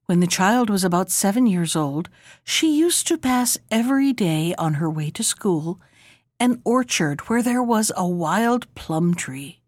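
A woman narrating a fairy tale with a fairly high voice, expressive and measured. The recording is dry and close. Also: no room sound. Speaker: storyteller. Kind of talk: storybook reading.

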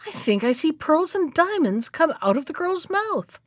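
A harsh, excitable mother from a storybook, shrill and scolding, as a woman narrator puts her on. Her voice sits high and sounds dry and close. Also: moderate pace, no echo. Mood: eager. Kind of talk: storybook reading.

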